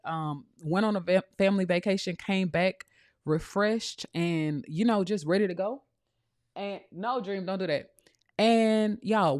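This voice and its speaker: A woman's voice: medium pitch, darkish tone, no room sound, clean studio sound. A woman, chatting on a livestream as a dog breeder and business coach, preachy and calling out to viewers. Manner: preachy, addresses viewers as y'all. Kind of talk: casual livestream chat.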